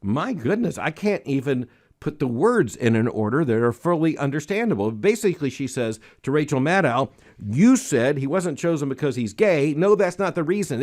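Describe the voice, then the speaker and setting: A man's voice: mid-range voice, a little mellow. A man hosting a daily news analysis show, giving emphatic, wry commentary with small hesitations and reading quotations aloud.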